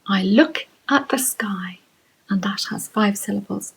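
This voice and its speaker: A woman's voice: medium pitch, unhurried, gravelly, slightly rough, poor audio. A middle-aged Irish woman leading a creative writing lesson for children, asking encouraging questions and reading short poems aloud. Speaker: children's writing workshop presenter.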